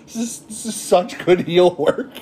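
An interviewer speaking in a relaxed, appreciative way during a casual chat. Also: mid-range voice, a little slow, slight background noise.

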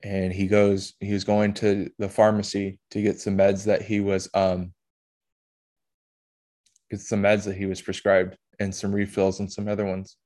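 A man hosting a podcast, telling a personal story in an emotional, halting way with blunt swearing. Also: lowish voice, monotone, darkish tone. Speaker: podcast host.

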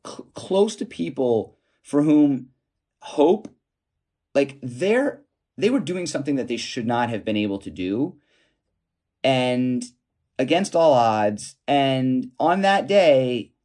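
A man telling a story as an interview guest, halting with many restarts and chuckling now and then. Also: mid-range voice. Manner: animated, chuckling while telling anecdotes. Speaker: author and guest.

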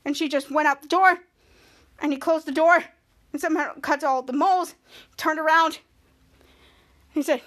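A woman podcast host walks through a sitcom episode scene by scene, halting and restarting as she goes. Her voice is very high and bright. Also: fairly even intonation. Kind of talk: casual episode recap.

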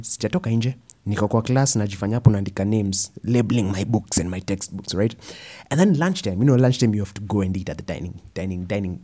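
Young kenyan guy telling his story, lowish husky voice, mellow tone. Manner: animated storytelling, mixing in Swahili phrases. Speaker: speaker. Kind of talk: personal storytelling talk.

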